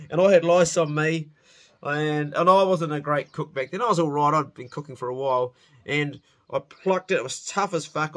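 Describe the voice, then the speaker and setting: A man's voice: fairly high pitch, a bit bright. A middle-aged man telling a rowdy personal story in a casual spoken way, swearing freely and laughing at himself.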